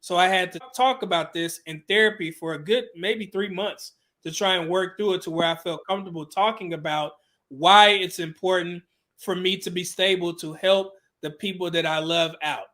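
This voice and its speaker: High-voiced man telling a candid story. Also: normal speed, pushed and bright. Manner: casual, with frequent "you know" fillers and swearing.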